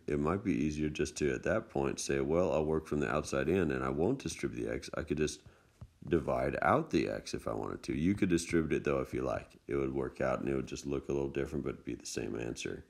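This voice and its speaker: A man with a very deep, gravelly voice talks through math homework in a relaxed screencast lesson. He explains each step casually, with chatty, folksy asides. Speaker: math teacher. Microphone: tablet screencast mic.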